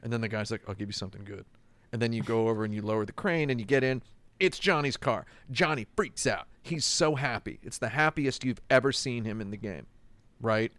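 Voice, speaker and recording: A man's voice: medium pitch, fairly quick, a bit bright, dry recording. A man in casual chat about a video game, rambling with restarts and acting out quotes.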